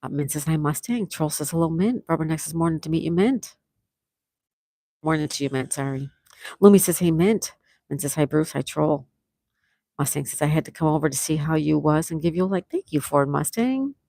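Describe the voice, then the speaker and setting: A woman's voice: low-pitched, animated, brisk, vocal fry, dark tone, no echo, clean studio sound. A woman hosting a casual livestream, chatting and reading out viewer comments, laughing often. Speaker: livestream host.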